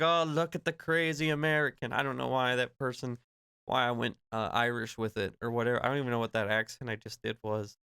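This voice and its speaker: A man's voice: mid-range voice, fairly bright tone, clear, resonant tone, dry recording, studio quality. A man streaming a sarcastic, joking reaction to an interview clip, laughing and swearing as he talks. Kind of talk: casual reaction commentary.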